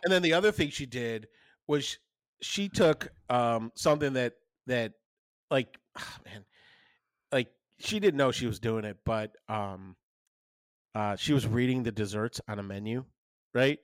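A man's voice: medium pitch, a little slow, dry recording. Rambling man host, dry close sound. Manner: rambling, many restarts, animated storytelling. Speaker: podcast co-host. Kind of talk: casual chat.

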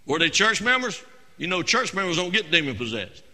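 A male senior pastor preaching a fervent sermon in a church, calling on the congregation to answer, filling gaps with "uh" and swinging from shouts to quiet asides. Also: big pitch swings, brisk. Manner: frequent "uh" fillers and restarts, swings from shouting to low asides. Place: church sanctuary. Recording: long hall reverb in a church.

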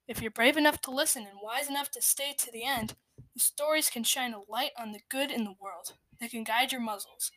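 A woman's voice: a little high, brisk, fairly bright tone, close to an everyday voice. A woman voicing an ancient, eerie fox storyteller made of bones, speaking in a dry, dusty, menacing way. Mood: ominous.

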